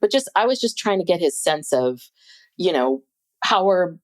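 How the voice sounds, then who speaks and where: Low-voiced, lively woman podcast host. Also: normal speed. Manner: lively and expressive, laughs easily. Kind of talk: casual podcast discussion.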